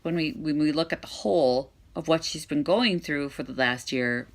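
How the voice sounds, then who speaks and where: A woman with a hoarse voice that fades in and out, talking frankly and with exasperation to camera as a vlog host. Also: sits low, normal speed. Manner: frank and exasperated, talks directly to viewers. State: hoarse, voice fading in and out. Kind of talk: candid talk to camera.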